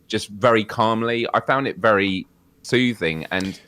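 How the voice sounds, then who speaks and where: A man's voice: on the low side, a little slow. A man co-hosting a podcast, telling rambling stories with frequent laughter. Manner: rambling, laughs often, animated storytelling. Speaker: podcast co-host. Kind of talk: casual chat.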